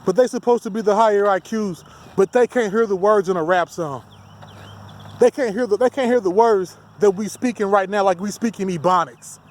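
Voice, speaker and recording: A man's voice: high voice, normal speed. A man delivering a heated, profane, rambling rant as a solo vlogger. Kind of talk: ranting monologue to camera.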